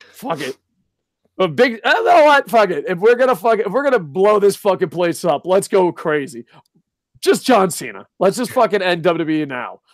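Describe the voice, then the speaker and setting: A man's voice: high-pitched, sing-song, moderate pace, dry recording, studio quality. A man co-hosting a casual wrestling talk show, ranting in a heated, profane way. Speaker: podcast co-host.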